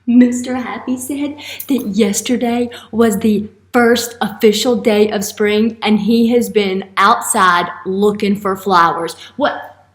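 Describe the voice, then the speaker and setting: A woman teacher leading a playful morning message for young students, with an animated, exaggerated manner. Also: mid-range voice, slow pace. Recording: echoey room.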